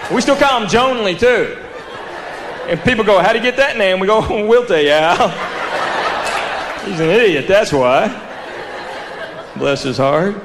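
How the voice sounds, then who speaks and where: A man with a Southern US accent doing stand-up comedy, telling stories animatedly, stretching out vowels and acting out characters. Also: high-pitched. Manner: animated storytelling, drawn-out vowels, acts out characters. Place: live comedy venue with audience. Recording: roomy hall with audience noise. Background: crowd laughter.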